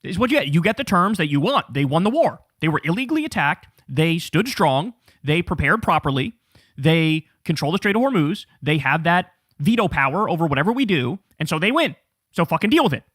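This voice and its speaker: A man's voice sits high and sounds bright and sharp as he rants through political commentary, swearing freely and mocking his targets with sarcasm. The sound is dry and close, with no room around it. He talks like a seasoned host tearing into a clip. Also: sing-song, a little fast, no echo. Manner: profane, sarcastic ranting.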